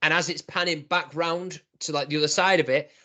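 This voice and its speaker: A man hosting a laid-back podcast chat. His voice sits a little high and sounds very bright and forceful. He talks in a chatty way, laughs a lot, and acts out little quoted voices. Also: fairly even intonation, a little fast. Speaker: podcast host. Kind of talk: casual wrestling podcast chat.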